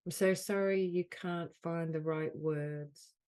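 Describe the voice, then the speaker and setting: Woman, low voice, warm and mellow tone, guided healing session, slow soothing repeated phrases, video call. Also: steady tone, clear, resonant tone. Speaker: soul mentor leading a group call.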